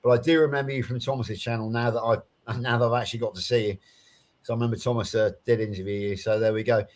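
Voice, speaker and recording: A man's voice: medium pitch, fairly even intonation, fast. A man with an English West Country accent, chatting casually on a live stream, rambling along with lots of restarts and fillers. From England. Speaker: guest on a live crochet chat. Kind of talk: casual chat.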